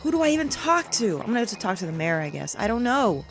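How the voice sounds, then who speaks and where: A woman giving let's play commentary with loud, exasperated, profane outbursts. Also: mid-range voice, big pitch swings, fast talker, soft background music. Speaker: game commentator.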